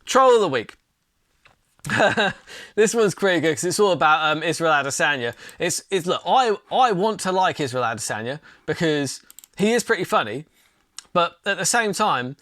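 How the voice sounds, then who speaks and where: A man's voice: on the high side, expressive, normal speed, a bit bright, dry recording, clean studio sound. A man hosting a solo commentary podcast, talking in a blunt, opinionated and exasperated way with casual swearing. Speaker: podcast host. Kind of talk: solo commentary on mixed martial arts.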